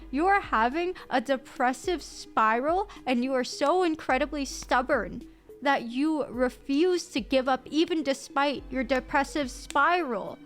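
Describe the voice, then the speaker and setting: A woman streamer in casual live-stream chat, excitable and swearing freely. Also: sits high.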